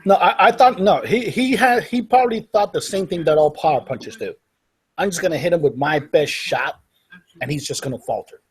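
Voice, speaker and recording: A man co-hosting a casual fight chat, reacting excitably and breaking into its points. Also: a little high, slightly rough. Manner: excitable, quick to laugh and react. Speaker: co-host.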